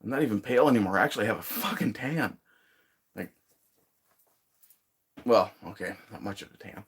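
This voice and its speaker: A man's voice: fairly low pitch, expressive, a little fast, breathy edge. A man hosting a casual livestream from his woodshed, reading viewer chat in a laid-back, profane way with frequent chuckles.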